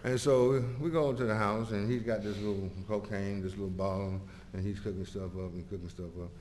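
A man telling his own story to an audience, halting and repeating himself, chuckling often and acting out the voices of others. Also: on the low side, fairly even intonation, a little mellow, big-room sound, slight background noise. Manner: halting and repetitive, chuckling often, acts out quoted dialogue.

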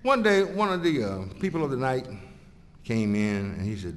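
Chuckling, halting male storyteller. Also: medium pitch, big pitch swings, in a large hall. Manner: halting and repetitive, chuckling often, acts out quoted dialogue. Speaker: speaker telling his recovery story. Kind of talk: personal storytelling to an audience.

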